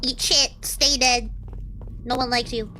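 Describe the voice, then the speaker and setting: High, excitable woman streamer yelling at a shooter. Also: a little slow, slight background noise. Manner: excitable, shrieks and swears at the game. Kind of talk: live gameplay commentary. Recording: loud game gunfire under voice. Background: shooter game sounds and gunfire.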